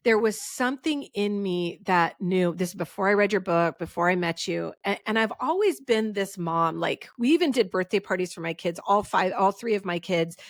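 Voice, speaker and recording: A woman's voice: mid-range voice, lively intonation, moderate pace, few pauses, no room sound, clean studio sound. A woman in her forties hosting a casual podcast conversation. She talks in a rambling, heartfelt way and often restarts her sentences. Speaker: podcast host.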